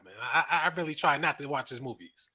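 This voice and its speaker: A man's voice: a little high, quick pace, a crowd in the background. A man hosting a casual online panel, chatty and joking with callers. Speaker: panel host.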